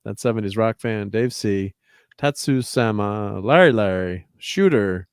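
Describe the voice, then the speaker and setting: A man's voice: lowish voice, animated, unhurried, clear, resonant tone, no room sound, studio quality. A man hosting a casual livestream chat, rambling through thank-yous with plenty of fillers. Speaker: host.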